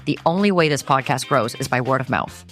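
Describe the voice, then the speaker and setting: A woman hosting a podcast, thanking her guest and then reading a friendly, measured outro. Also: very deep voice, expressive, a bit bright, soft background music. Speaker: podcast host.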